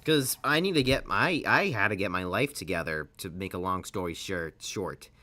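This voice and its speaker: A game streamer chatting casually on a livestream, rambling and restarting sentences often, with lively swings in energy. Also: low voice, moderate pace, no echo. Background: game music.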